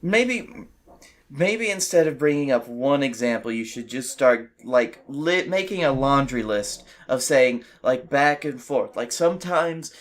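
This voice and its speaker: A man's voice: medium pitch, expressive. A man co-hosting a comedy podcast, riffing with stop-start questions and mock-interview bits. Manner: quick, halting questions, playing a mock interviewer. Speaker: podcast co-host. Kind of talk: improvised comedy banter.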